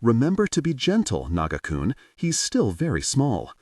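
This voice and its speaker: A man voicing a calm, teasing young warrior mother in an audiobook. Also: medium pitch, normal speed, no echo, clean studio sound, distant mic. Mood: gentle.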